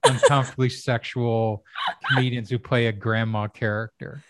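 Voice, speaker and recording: A man's voice: mid-range voice, fairly even intonation, moderate pace, a little hiss or hum. A man who works as a comedy producer, chatting casually on a podcast and telling rambling stories with asides.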